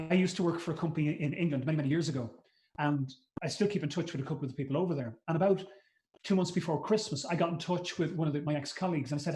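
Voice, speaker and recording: Speaking conversationally to a conference audience, a middle-aged male trainer delivers a live masterclass talk in a fairly high, slightly mellow voice at a quick pace. He repeats words while thinking aloud and acts out brief quotes, and a clear, roomy echo surrounds him.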